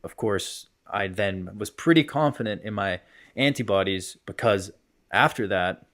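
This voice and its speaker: A man's voice: on the low side, measured pace, a bit bright. A young man co-hosting a casual podcast, telling a rambling story full of fillers. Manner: rambling storyteller, many fillers like "whatever" and "blah, blah". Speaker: podcast co-host, hockey player.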